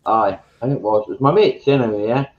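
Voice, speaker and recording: A man's voice: medium pitch, quick pace, slight background noise. Man on a muffled roomy line. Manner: rambling storyteller, laughs often. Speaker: chat guest. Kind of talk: casual chat.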